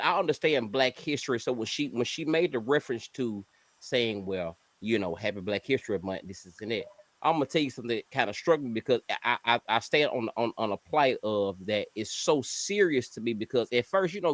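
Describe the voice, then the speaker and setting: A man's voice: medium pitch, lively intonation, brisk, no room sound. A man in his thirties from Mississippi with a Southern accent, calling in to an online show and talking with passion, often repeating words. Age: 30s. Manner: emphatic, repeats words, swings in loudness. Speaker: caller. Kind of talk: impassioned call-in commentary.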